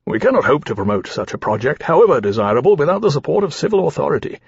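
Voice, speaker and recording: A man voicing a grave male captain who speaks in a measured, dry, formal manner. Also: on the high side, very animated, gravelly, husky, no echo, heavily acted. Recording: slightly dull, dry recording.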